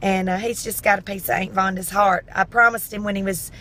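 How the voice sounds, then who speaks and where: A woman's voice: medium pitch, steady tone, a little fast, pushed and bright, slight background noise, poor audio. A middle-aged woman, chatting in a folksy, heartfelt way. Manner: folksy and heartfelt, tearful at times. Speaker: vlogger. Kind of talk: casual chat.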